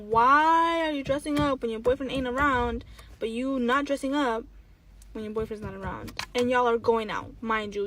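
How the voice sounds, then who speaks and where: A woman's voice: on the high side, a bit bright. A woman giving dating advice to the camera, emphatic and sassy, repeating her points.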